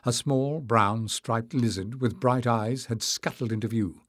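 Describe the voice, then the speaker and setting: A man narrating an audiobook in a measured storytelling manner. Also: mid-range voice, fairly bright tone, no echo, clean studio sound. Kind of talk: scripted narration.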